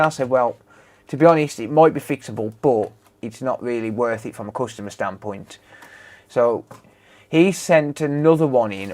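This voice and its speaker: A British man in a relaxed live stream, talking at an ordinary middle pitch. He chats loosely while he works, stopping to greet and thank viewers one by one. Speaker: repair livestreamer. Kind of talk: casual live stream chat.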